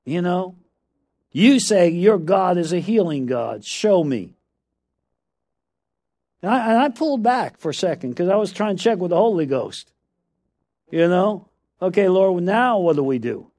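A man preaching a sermon, telling a story and then building to loud, emphatic declarations, often calling out "come on now.". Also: high-pitched, sing-song, measured pace, pauses often. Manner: repeats "come on now" to the audience.

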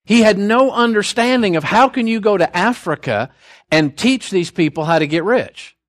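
A man's voice: high-pitched, animated, normal speed, dry recording, studio quality. An older man preaching a sermon in a conversational, storytelling way, with folksy asides between scripture points.

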